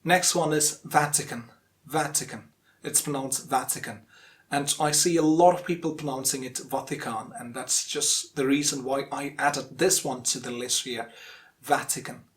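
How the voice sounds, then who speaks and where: A young man from India teaching English pronunciation, explaining patiently and repeating each word slowly several times. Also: medium pitch, fairly even intonation. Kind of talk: instructional explanation.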